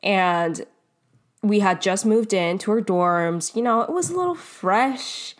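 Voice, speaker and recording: A woman's voice: medium pitch, animated, takes it slowly. A young woman from Canada hosting a solo podcast, telling stories in a chatty, rambling way with frequent laughs and casual swearing. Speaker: podcast host.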